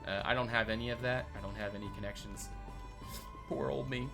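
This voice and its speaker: A man's voice: on the low side, fairly even intonation, fast, over music. A man streaming live, thinking aloud as he builds and chatting back to his viewers in a rambling, casual way. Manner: rambling, thinks aloud, reads and answers chat.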